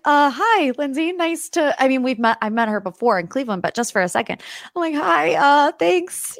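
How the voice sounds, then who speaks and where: A young woman hosting a podcast, telling a story in a casual way and acting out quotes in high, excited voices. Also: moderate pace, dry recording, clean studio sound. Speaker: podcast host.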